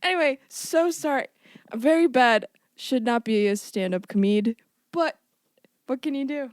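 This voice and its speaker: A woman's voice: high-pitched, expressive, normal speed, clean tone, no room sound. Woman podcast co-host, giggly rambling storyteller, dry close-miked sound. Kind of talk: casual chat.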